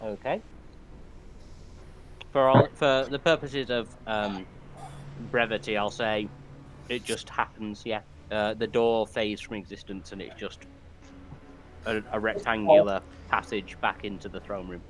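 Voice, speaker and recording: A man running a tabletop game as game master, relaxed and chuckling as he makes casual rulings. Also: lowish voice, measured pace, pauses often, heavy background noise.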